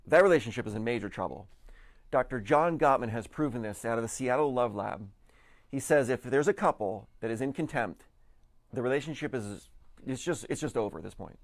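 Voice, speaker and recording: A man's voice: mid-range voice, no echo. A man giving an earnest motivational talk, stumbling over and repeating words as he pushes his point.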